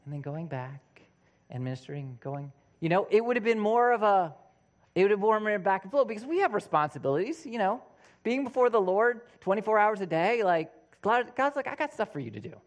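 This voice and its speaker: A man's voice: high-pitched, fairly quick. A man preaching a conversational sermon, now and then acting out what people in his examples say. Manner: conversational, animated, acts out quoted voices.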